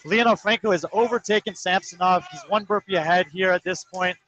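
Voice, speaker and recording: A man giving live play-by-play commentary on a fitness competition, calling times and placings in quick, precise detail. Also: high voice, a bit bright, low-quality recording. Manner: rapid, precise, number-heavy calling. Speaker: sports commentator.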